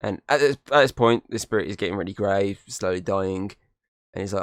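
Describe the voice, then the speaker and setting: Male podcast host, low-ish voice, dry close sound, rambling film recap with quick character impressions. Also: no echo. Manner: rambling retelling with quoted character lines. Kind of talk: casual movie recap.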